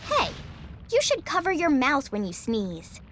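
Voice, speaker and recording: A woman's voice: high voice, wildly swooping pitch, measured pace, slight background noise, voice pushed up, exaggerated voice. A woman voicing a fearless, cheerful little girl explorer in a storybook, eager and a bit bossy. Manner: bright, eager, bossy-kind. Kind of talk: storybook character voice.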